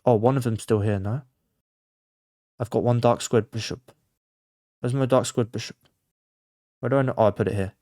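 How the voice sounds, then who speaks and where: A man's voice: medium pitch, fairly even intonation, moderate pace, long pauses, dry recording, clean studio sound. A man thinking aloud as he plays blindfold chess for his channel, muttering his moves and getting flustered when he loses track of the board. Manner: mutters moves to himself, swings between quiet focus and flustered panic. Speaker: chess content creator.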